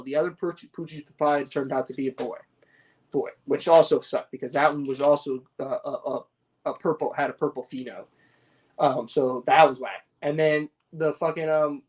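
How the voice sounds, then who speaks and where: With a voice on the high side, a man who grows cannabis chats casually with his live-stream viewers. He rambles, curses, leans on slang and keeps restarting sentences, all in lo-fi sound.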